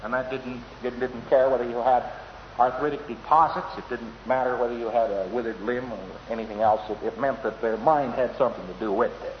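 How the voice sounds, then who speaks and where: A man's voice: mid-range voice, fairly even intonation, fairly quick. A man giving an informal lecture in a wry, anecdotal way, chuckling at his own asides. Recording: echoey hall, dull lo-fi old tape, faint hiss.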